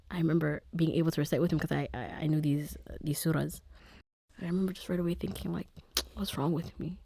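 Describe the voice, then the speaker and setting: Woman, low pitch, tearful, earnest halting storytelling, dry close sound. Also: vocal fry, mellow, no echo. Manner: earnest, halting, emotional retelling. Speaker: guest. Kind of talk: personal storytelling.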